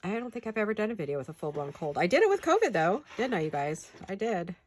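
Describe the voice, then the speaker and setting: A woman's voice: mid-range voice, very animated, fast talker, darkish tone. A woman with a stuffed-up nose from a head cold gives a chatty, rambling, self-deprecating paper-craft tutorial in her home studio.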